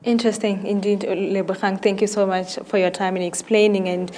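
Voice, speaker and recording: Female TV field reporter, mellow tone, thoughtful and filler-heavy wrap-up. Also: mid-range voice, level tone, brisk, slight background noise.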